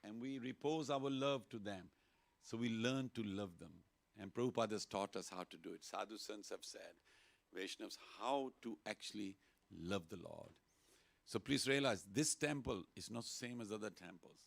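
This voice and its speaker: Lively man with a gravelly voice. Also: on the low side, moderate pace. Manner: lively, playful, leads call-and-response chanting. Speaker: temple speaker. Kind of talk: informal sermon to a congregation. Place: temple hall.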